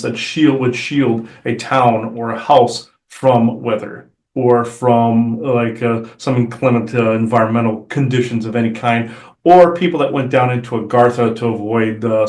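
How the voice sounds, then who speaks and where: A calm, measured Sasquatch elder of the forest people, as a man channels him. He talks slowly and formally, weighing each phrase. The sound rings in a roomy space. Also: mid-range voice, natural voice. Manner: slow, deliberate, formal delivery. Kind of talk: channeled spirit speech. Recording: roomy echo.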